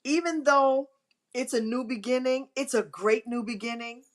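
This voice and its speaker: A woman's voice: on the high side, normal speed. A middle-aged woman hosting a live stream, giving emphatic, repetitive, churchy encouragement. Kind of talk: inspirational live-stream talk.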